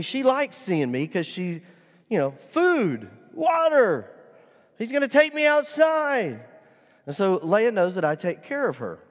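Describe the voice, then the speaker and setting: A middle-aged pastor preaching in an earnest voice pitched a little high, swinging from quiet stretches to loud, emphatic ones. His words ring out with a long reverb, as in a large church hall. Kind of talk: sermon.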